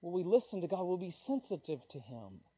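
A man preaching a sermon with fervent emphasis, dropping to a hush and then rising loud. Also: high-pitched, very animated, brisk, husky. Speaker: pastor. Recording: dull lo-fi recording.

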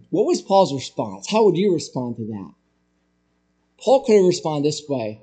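A male pastor preaching a sermon, asking the congregation rhetorical questions and swinging between loud emphatic peaks and hushed, quiet phrases. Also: mid-range voice, very animated, unhurried, pauses often, husky.

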